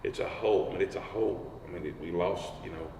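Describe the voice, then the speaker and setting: A man's voice: low voice, steady tone, quick pace, background noise. A man, a firefighter telling rambling stories in a fire station garage. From East Tennessee. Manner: rambling, many restarts, laughing asides. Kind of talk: casual storytelling. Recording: echoey hall, voice from far off.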